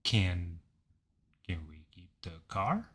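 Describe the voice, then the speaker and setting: A man's voice: deep voice, very animated, slow, slightly rough. A young adult man co-hosting a podcast, telling a story in a wry, rambling way. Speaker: podcast co-host. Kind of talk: casual chat.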